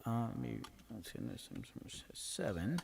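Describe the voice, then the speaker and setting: A man's voice: mid-range voice, very animated, a little slow, vocal fry, slight background noise. A man hosting a livestream from his home studio, casually talking to himself and swearing now and then while he works on a song. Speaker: music producer and livestream host. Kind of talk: casual thinking aloud while producing. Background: loud playback of his own song.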